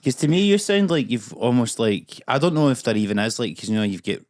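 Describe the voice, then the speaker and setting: A man's voice: mid-range voice, sing-song, quick pace, darkish tone, no room sound, clean studio sound. Scottish guy podcast host, kinda nasal, voice jumps around a lot, jokey banter. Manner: bantering, elastic accent, sometimes nasal. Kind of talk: casual podcast chat.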